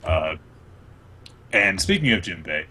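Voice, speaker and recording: A man hosting a podcast, chatting casually and recapping comics in an animated way with plenty of fillers. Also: low voice, takes it slowly. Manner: animated, retelling scenes with lots of fillers. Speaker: podcast host. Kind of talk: casual manga recap chat.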